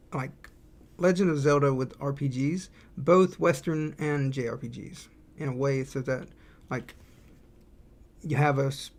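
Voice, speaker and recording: Gravelly man thinking aloud on stream. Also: a little high. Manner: thinks aloud, rambling, reads chat aloud. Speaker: indie game developer streaming. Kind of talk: casual livestream chat while drawing.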